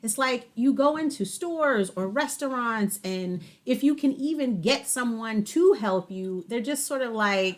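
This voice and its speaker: A woman's voice: a little high, lively intonation, measured pace, few pauses. A woman co-hosting a podcast in casual banter, emphatic as she rants about pet peeves. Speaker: podcast co-host.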